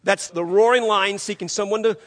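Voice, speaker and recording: A man's voice: sits high, fairly even intonation, a little fast, long reverb tail. An older man preaching a sermon as pastor, emphatic and conversational, telling stories to make his point. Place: church sanctuary.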